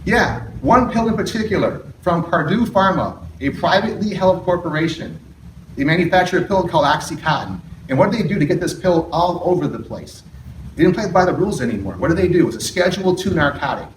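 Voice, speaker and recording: A middle-aged man, a therapist, talks candidly to an audience about recovering from addiction, peppering the room with questions and sarcastic asides. He speaks fast in a higher voice with lively intonation against a noisy background. The hall is roomy and the mic is distant.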